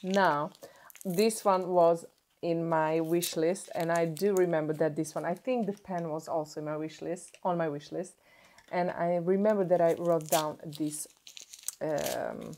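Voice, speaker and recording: A young woman vlogs in English, unwrapping makeup and gushing over each find with little restarts along the way. Her voice sits a touch low and sounds mellow and warm rather than bright. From Sweden. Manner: gushing, excitable, pauses and restarts as she unwraps. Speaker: beauty vlogger. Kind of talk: casual product unboxing.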